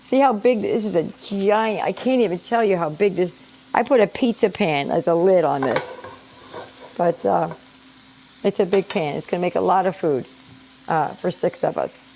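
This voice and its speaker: A middle-aged woman with a lowish, mellow voice talks at a normal speed, a slight scratchiness from allergies audible as she hosts her home cooking channel. In this casual vlog she chats through the recipe and explains each step, while a pan sizzles in her home kitchen.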